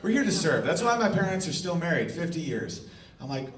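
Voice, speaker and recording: A man's voice: on the high side, sing-song, brisk, background noise. A middle-aged man doing a crude, brash stand-up comedy set on a club stage, acting out quoted exchanges as the audience laughs. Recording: roomy live club sound from a distance.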